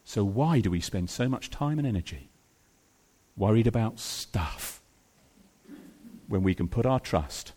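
A man preaching a sermon to a congregation, emphatic and repetitive, swinging between soft low phrases and loud high ones. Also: lively intonation, measured pace, long pauses. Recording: reverberant hall.

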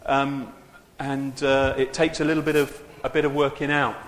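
Chatty preacher in an echoey church hall. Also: male voice, mid-range voice, level tone, normal speed, fairly bright tone, slight background noise. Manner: chatty and self-deprecating, with many asides to the congregation. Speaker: preacher leading a church service. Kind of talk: informal, humorous sermon. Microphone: handheld or stand microphone. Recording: echoey hall with long reverb.

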